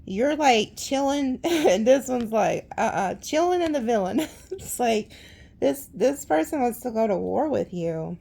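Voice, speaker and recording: A woman's voice: on the high side, animated, measured pace, vocal fry, mellow. A woman giving a casual tarot reading in a chatty, dramatic way, with blunt slang and frequent laughter. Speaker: tarot reader.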